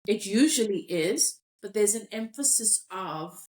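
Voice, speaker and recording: A woman's voice: medium pitch, expressive, unhurried, darkish tone. A South African woman hosting a podcast, talking things through thoughtfully and reading listener comments aloud. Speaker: podcast host. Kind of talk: casual discussion.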